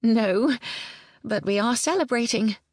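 Casting: woman reads a self-assured young Englishwoman, sassy and quick, dry sound. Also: a little high, dry recording, pitched above the performer's own voice. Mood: playful. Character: young English woman, a confident literary agent.

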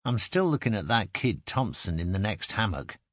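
Low-voiced man narrating a memoir. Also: very animated, fairly bright tone, slightly rough, dry recording, studio quality. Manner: measured, vivid first-person storytelling. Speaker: audiobook narrator. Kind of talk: scripted narration.

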